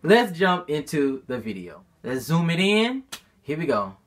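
A man's voice: fairly high pitch, very animated, unhurried. A man talking casually in a vlog, rambling and self-critical about his own singing voice, often restarting his sentences. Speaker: amateur singer and vlogger.

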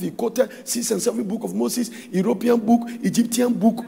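Ghanaian-accented male pastor, shouting sing-song sermon, long hall reverb. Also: sits high, moderate pace, creaky. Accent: Ghanaian English. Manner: shouting, sing-song preaching with sudden drops to storytelling. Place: church hall.

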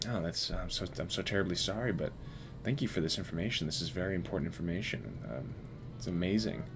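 A man's voice: low voice, lively intonation, quick pace, gravelly, music in the background. A man hosting a live stream, chatting casually and playfully with viewers while he works. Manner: playful, teasing, talks to chat while working.

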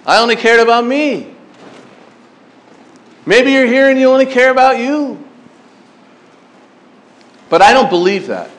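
Man, pastor, high voice, camp sermon, acts out stories, questions the crowd. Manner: animated storytelling, acts out his younger self. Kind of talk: sermon to teen campers.

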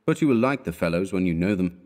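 A man giving voice to a relaxed, easygoing young art student in a storybook. He talks in an unaffected, casual way, in a fairly low voice. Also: quick pace, in a large hall.

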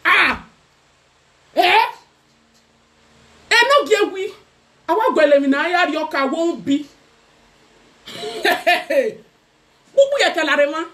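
A young Nigerian woman with a very high voice rants through gossip commentary. She taunts her targets in a sing-song way and keeps dropping into mocking laughter. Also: lively intonation, takes it slowly, long pauses, fairly bright tone. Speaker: gossip vlogger.

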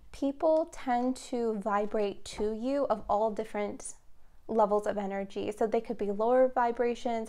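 A young woman with a slightly high voice gives a casual tarot reading straight to camera. She talks in an excitable, rambling way, full of fillers and restarts. Her delivery is chatty and unscripted. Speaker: tarot reader.

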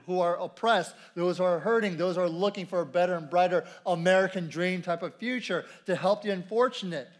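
A man preaching a sermon at a church service in a conversational way, repeating key phrases and asking the congregation questions. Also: high-pitched. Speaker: pastor.

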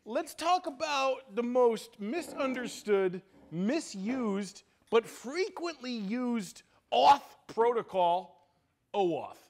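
A man teaching a security class at a conference, joking and energetic as he talks to the room. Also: very high-pitched, slow. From United States. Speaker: security instructor. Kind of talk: conference lecture. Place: lecture room.

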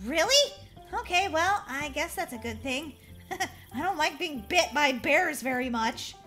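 A woman voicing Molly, an excitable young girl in a game role-play, chatty and giggly, talking to herself. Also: sits high, measured pace, faint music behind. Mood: playful. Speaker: roleplay gamer.

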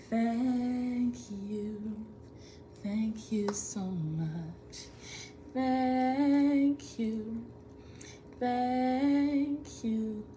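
A woman on a live stream, thanking fans over and over, laughing often and drawing out slow thank-yous. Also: fairly high pitch, warm tone. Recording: echoey room with faint ambience.

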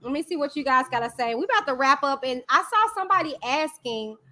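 A woman with a Texan accent hosting a live stream, talking candidly and lively straight to her viewers. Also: high-pitched, quick pace. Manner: lively and candid, talks straight to viewers with "y'all" and "you know what I'm saying". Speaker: livestream host. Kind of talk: casual live-stream commentary.

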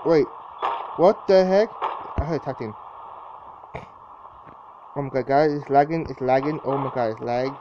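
A man's voice: mid-range voice, a little slow, pauses often. A young man commentating his own gameplay in a casual, jittery way, exclaiming often and repeating himself. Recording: dull lo-fi mic with clear background noise.

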